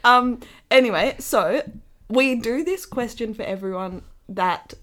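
Aussie girl cohost, higher voice, bouncy and giggly. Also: measured pace. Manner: animated, giggly storytelling. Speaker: podcast co-host. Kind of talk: casual chat.

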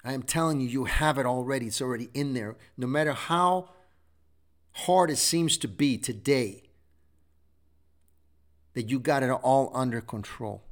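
A man's voice: mid-range voice, moderate pace, pauses often. A middle-aged man hosting a show, giving a preachy motivational talk full of repeated exhortations. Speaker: show host.

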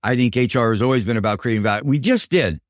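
An older man tells stories in an interview, acting out the dialogue of the people in them. His voice sits at a middle pitch, and the recording is dry and close with no room sound. He speaks as a professor and coach giving his answers. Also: fast talker, no echo. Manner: animated storyteller, voices quotes in dialogue. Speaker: guest, business professor and executive coach.

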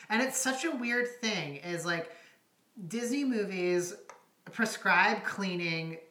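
A woman's voice: mid-range voice, slow, sharp tone. A woman in casual chat, wry and blunt, laughing often as she talks through a movie. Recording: echoey room.

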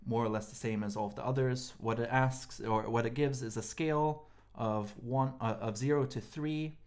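A tired, sleep-deprived man chatting casually as a podcast co-host. He talks in halting bursts, full of ums and restarts, with a middling pitch in a man's normal range. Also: fairly even intonation, a little mellow.

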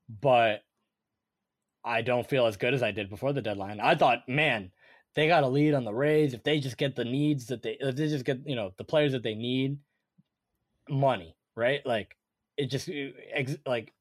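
A young man co-hosting a casual sports podcast, animated and thinking aloud with lots of fillers. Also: mid-range voice, normal speed, no room sound, clean studio sound. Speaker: podcast co-host.

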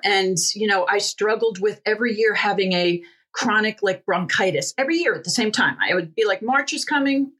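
A middle-aged woman with a husky, slightly breathy voice tells her story in an interview. She speaks earnestly and with fervour, and she often stops and restarts her sentences. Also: mid-range voice, a bit bright. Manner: earnest, fervent, many restarts. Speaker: guest, healing ministry co-founder. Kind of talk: personal testimony in an interview.

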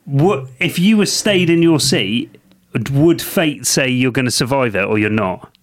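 Male co-host, animated and jokey, fine for casual podcast banter. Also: mid-range voice, a little slow, dry recording. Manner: jokey, teasing, lively delivery. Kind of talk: casual chat.

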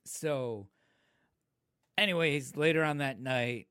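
A man in his thirties tells a long story in a relaxed, swearing, conversational way. His voice sits at an ordinary pitch and is recorded close and dry, with no room sound. When he quotes other people he gets louder and more animated. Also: slow pace, clear, resonant tone, no echo. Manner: laid-back, profane, animated when quoting others. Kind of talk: casual storytelling among friends.

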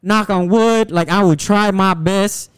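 Smooth-voiced young man, casual podcast host. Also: sits high, steady tone, a little slow, no room sound. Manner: rambling, profane, lots of restarts.

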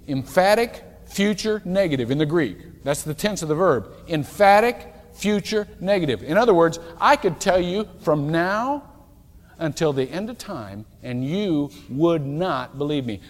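A man preaching in an emphatic, animated way, throwing rhetorical questions at his congregation. His voice sits a little higher than most men's. A long reverb from the church sanctuary trails behind his words. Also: moderate pace. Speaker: pastor. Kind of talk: sermon.

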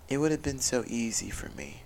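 A man's voice: mid-range voice, big pitch swings, brisk, vocal fry, a little mellow, a little hiss or hum, rough recording. A man telling a personal story of faith and struggle in an earnest, confessional way, with many restarts. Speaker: father sharing a personal story. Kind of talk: candid personal talk about faith.

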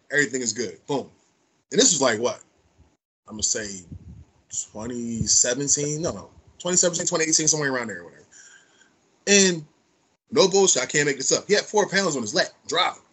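A man's voice: medium pitch, very animated, fast, fairly bright tone, breathy edge. A man co-hosting a podcast, telling stories in blunt, profane casual chat. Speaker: podcast co-host.

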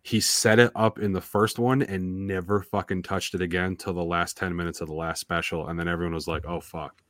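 Very deep-voiced man in casual, profane chat. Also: level tone, fairly quick, a bit bright, no echo. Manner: rambling, profane, joking, with frequent restarts. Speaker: podcast co-host.

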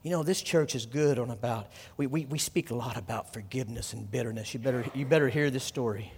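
A man's voice: medium pitch, quick pace, breathy edge. Fervent preaching man in a reverberant hall. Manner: storytelling, dropping to a hush for sad parts, building to loud fervent preaching. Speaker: pastor. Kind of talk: sermon.

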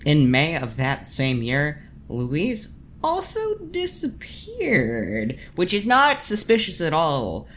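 A podcast co-host narrating true crime in casual chat, with sarcastic, deadpan asides. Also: medium pitch, slight background noise.

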